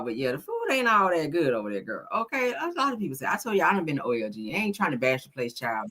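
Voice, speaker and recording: A woman with a husky, bright voice holds forth in casual chat, full of swearing and storytelling. Her pitch swings widely as she talks. She sounds middle-aged and hosts her own show. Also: fast, few pauses. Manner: animated, profane storytelling. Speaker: host.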